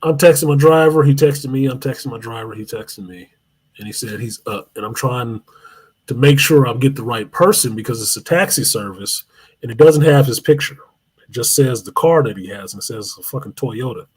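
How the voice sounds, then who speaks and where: A man hosting a live show, telling a long, profane story in an animated way. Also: medium pitch, a little fast, breathy edge. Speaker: host.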